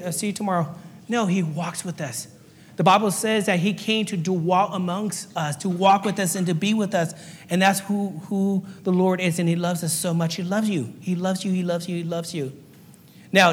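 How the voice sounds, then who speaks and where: Brief: male preacher and chaplain, high-pitched, earnest repeating delivery, recorded in an echoing church hall. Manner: earnest, repetitive, acts out little voices for illustration. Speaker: pastor and fire chaplain. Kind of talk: sermon. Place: church sanctuary. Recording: long hall reverb.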